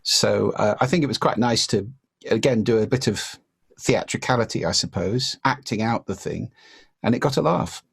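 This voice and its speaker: A man talking as an interview guest, reflecting calmly on public speaking and acting out examples as he explains. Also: fairly low pitch, moderate pace, vocal fry, slightly rough. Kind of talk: casual conversation.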